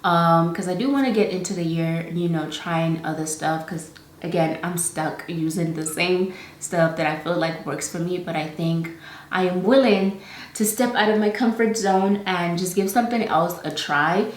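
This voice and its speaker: A young woman with an African accent talks through beauty products as a casual vlog, chatty and full of "like" fillers. Her voice sits a little low for a woman. The sound is echoey, as if recorded in a bare room. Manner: chatty, lots of "like" fillers, slow in spots. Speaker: beauty vlogger.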